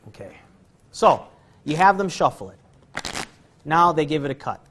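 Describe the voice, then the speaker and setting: A man's voice: on the high side, very animated, takes it slowly, long pauses, noisy background. A man teaching card magic in a casual demonstration, rambling, jokey and self-deprecating, chuckling often. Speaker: magic instructor. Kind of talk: casual card-trick tutorial.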